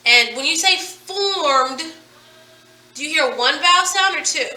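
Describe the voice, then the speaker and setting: A woman's voice: sits high, bright, forceful tone, distant mic, slight background noise. A woman teaching a phonics lesson, patiently drilling words and asking questions. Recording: echoey room, away from the mic.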